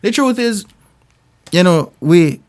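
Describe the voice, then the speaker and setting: A Jamaican reggae singer talking as an interview guest, telling animated stories about growing up and acting out the voices in them. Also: male voice, high voice, slow. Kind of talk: casual storytelling interview.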